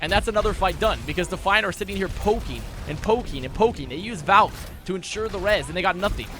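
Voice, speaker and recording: A young man giving a casual esports match breakdown, talking fast and excitably, with frequent swearing and restarts. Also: high voice. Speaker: esports analyst.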